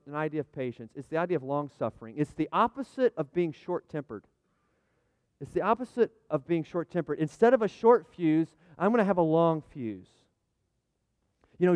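Middle-aged male pastor, folksy sermon with asides, smooth tone, dry close sound. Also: on the high side, animated, a little fast, a little mellow, no echo. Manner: chatty, folksy, full of restarts and asides; jokes with the congregation, calls for amens. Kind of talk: conversational sermon with props.

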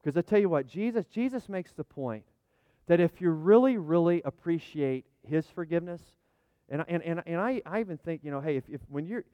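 Middle-aged male pastor, folksy sermon with asides, smooth tone, dry close sound. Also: on the high side, animated, brisk, dry recording, highs cut off. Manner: chatty, folksy, full of restarts and asides; jokes with the congregation, calls for amens. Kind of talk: conversational sermon with props.

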